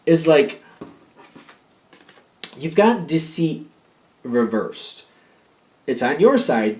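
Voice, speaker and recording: A man's voice: mid-range voice, darkish tone. A man giving a casual tarot reading in a rambling, repetitive, emphatic way. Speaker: tarot card reader.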